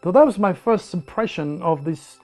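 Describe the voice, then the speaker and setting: French guy, high pitched, animated storyteller doing everyone's voices, soft music behind. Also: normal speed. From south of France. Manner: animated storyteller who acts out quoted speech. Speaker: interviewee. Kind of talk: recounting personal stories.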